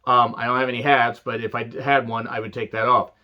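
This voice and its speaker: A man's voice: medium pitch, flat delivery, fairly quick, muffled recording. A man reviewing a wrestling show in a casual, rambling way, sarcastic and full of profanity.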